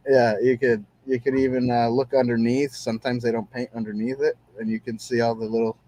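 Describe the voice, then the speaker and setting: A man's voice: medium pitch, flat delivery, a little fast, dark tone. A man hosting a casual show-review podcast, talking in an easygoing, rambling way with many fillers. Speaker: podcast host.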